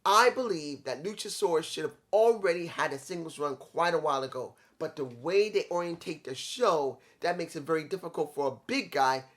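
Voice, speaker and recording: A man on his own reviews a wrestling show on video, ranting with emphasis and repeating his views in clipped, punchy lines. His voice is on the high side, slightly bright and expressive, moving at a moderate pace with few pauses.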